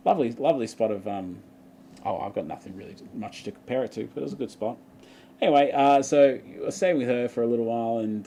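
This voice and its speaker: A young Australian vlogger spins a long, meandering story for his livestream viewers, laughing frequently in casual chat. His voice is lowish, dark, and mellow, and a faint hiss runs beneath the recording.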